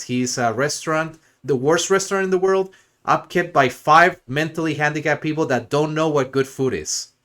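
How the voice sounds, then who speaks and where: A man's voice: fairly high pitch, a bit bright. A man streaming a crude, sarcastic, rambling rant in a mocking commentary style.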